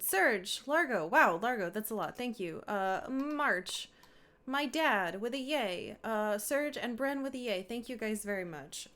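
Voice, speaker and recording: A woman's voice: mid-range voice, a bit bright. A woman live-streaming a game, chatting casually, swearing and thanking viewers.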